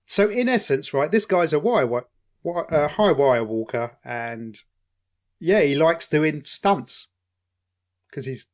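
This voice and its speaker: Animated East man chatting. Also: fairly high pitch, slow pace. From East London. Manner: animated, swears freely, laughs often. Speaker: podcast co-host. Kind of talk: casual chat.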